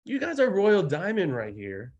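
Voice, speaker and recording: Rich: A male trainer revving up an online audience like a preacher, swinging between sudden shouts and quick asides. His voice sits a little high for a man, and he begs the crowd for hallelujahs and amens. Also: wildly swooping pitch, muffled recording. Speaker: network marketing trainer. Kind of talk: live online sales training.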